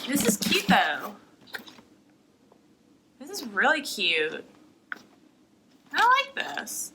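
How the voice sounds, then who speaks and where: A woman's voice: medium pitch, noisy background. A young woman vlogger chatting casually through an unboxing at home, a little out of breath and rambling with fillers. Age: young adult. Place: apartment.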